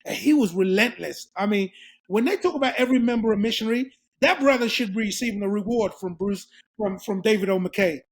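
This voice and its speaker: Animated, laughing male storyteller. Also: high-pitched, brisk, husky. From England. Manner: animated, laughing, acts out voices. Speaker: guest. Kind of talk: storytelling in a casual interview.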